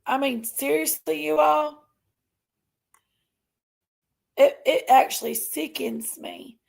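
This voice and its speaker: A woman's voice: high-pitched, measured pace, gravelly. A woman hosting a casual livestream, ranting indignantly and emphatically while reading chat aloud. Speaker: live stream host.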